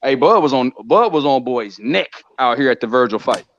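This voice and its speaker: A man's voice: mid-range voice, normal speed. A man co-hosting a casual boxing chat, telling stories and acting out other people's lines. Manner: animated storyteller, quoting others in voices. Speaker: boxing podcast co-host. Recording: dull lo-fi audio.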